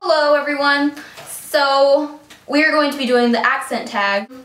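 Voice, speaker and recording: A woman's voice: high-pitched, unhurried, far from the mic, music in the background. A young woman guest chatting casually and playfully, laughing often. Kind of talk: casual chat. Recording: echoey room.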